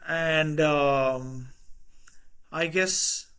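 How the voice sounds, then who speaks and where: A man's voice: fairly high pitch, drawn-out words, smooth. A middle-aged man from India with an Indian English accent, a podcast guest telling family stories in casual conversation, acting out quotes with laughter. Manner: animated anecdotes with quoted voices and laughter.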